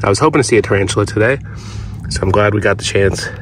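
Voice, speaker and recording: A man's voice: lowish voice, fast, fairly bright tone. A young man from Ohio, an enthusiastic wildlife vlogger chatting casually while out in the hill country at night. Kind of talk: casual outdoor vlog narration. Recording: noisy outdoor ambience.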